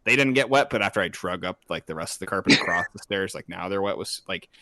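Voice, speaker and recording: A man's voice: deep voice, lively intonation, fast talker, sharp tone, no room sound. A young man co-hosting a podcast, telling a long story in casual chat with lots of filler words. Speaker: podcast co-host.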